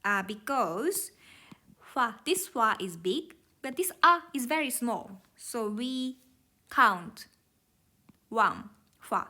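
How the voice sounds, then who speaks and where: A woman's voice: on the high side, very animated, slow, long pauses, sharp tone. A woman teaching Japanese grammar to learners, explaining each step carefully in plain, slightly non-native English.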